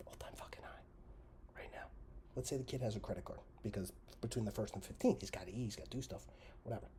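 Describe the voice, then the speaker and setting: A man hosting a comedy commentary show, ranting sarcastically and swearing constantly, swinging between loud outbursts and mutters. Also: lowish voice, slight background noise. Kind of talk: profane comedic rant.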